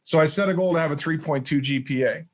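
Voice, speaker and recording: A middle-aged man talks as a guest on a podcast, in a voice a little higher than most men's. He is a motivational speaker who tells stories with energy and acts out the lines of the people in them. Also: fast talker. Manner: animated storyteller who acts out dialogue. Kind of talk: storytelling interview chat.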